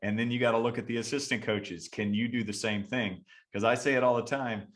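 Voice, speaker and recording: A man's voice: medium pitch, steady tone. A man hosting a podcast interview, enthusiastic and stop-start, with plenty of fillers. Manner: enthusiastic, with halting restarts and fillers. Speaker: podcast host.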